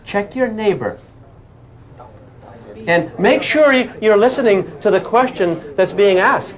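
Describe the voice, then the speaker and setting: A man's voice: high-pitched, animated, takes it slowly. An older man giving a physics lecture to a class in a playful way, often asking questions and making sound effects.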